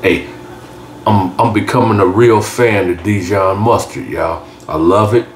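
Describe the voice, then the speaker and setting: A very deep-voiced man talks through a recipe in a relaxed drawl, tacking y'all onto most lines. He is recorded in an echoey kitchen with a faint hum of room noise behind him. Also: measured pace. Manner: laid-back, drawling, keeps saying y'all. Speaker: cooking channel host. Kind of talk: casual cooking tutorial narration. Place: home kitchen.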